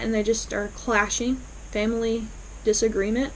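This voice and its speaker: A woman's voice: a little high, flat delivery, moderate pace, rough recording. A woman vlogger casually recapping a TV episode, retelling scenes in a chatty way with fillers.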